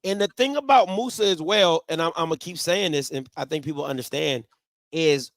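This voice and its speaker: A man's voice: a little high, a little fast, dry recording. A man hosting a sports talk show, debating football in an emphatic style and repeating his points.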